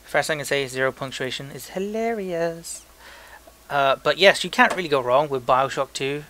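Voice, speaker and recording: A man's voice: fairly high pitch, animated, moderate pace, pushed and bright, a little hiss or hum. A young man co-hosting a casual podcast, reading listener emails aloud in a joking, loose way with frequent stumbles. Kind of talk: casual chat.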